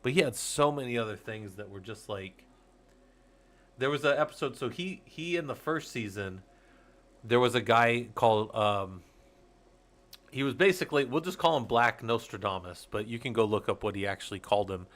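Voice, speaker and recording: A man's voice: mid-range voice, expressive, normal speed, fairly bright tone. A man in his forties hosting a casual livestream, rambling to his viewers, laughing often and swearing casually. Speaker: host of a Linux user group stream.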